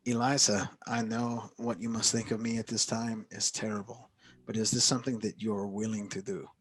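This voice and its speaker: A man's voice: fairly low pitch, flat delivery, moderate pace, slightly rough. A man voicing an earnest, persuasive wandering bard in a tabletop game.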